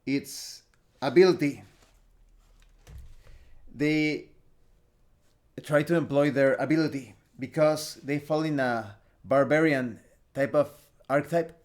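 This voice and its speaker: Man, solo tabletop game tutorial, slow, fairly high voice, steady explaining. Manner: steady, explanatory with small restarts. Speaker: host and solo game player.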